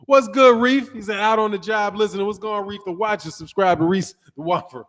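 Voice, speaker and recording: A man's voice: high voice, steady tone, fast talker, fairly bright tone, in a large hall. A man hosting a casual boxing livestream, reading viewer comments, laughing often and throwing in slang like "dog" and "man". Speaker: boxing channel host.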